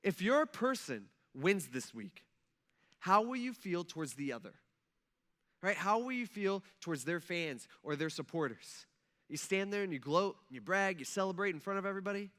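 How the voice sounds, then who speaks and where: A male pastor preaching a conversational sermon in a church, animated and checking in with the congregation with "okay?" and "right?". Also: high voice, normal speed. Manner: animated, acts out quoted voices, frequent "okay?" and "right?". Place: church sanctuary.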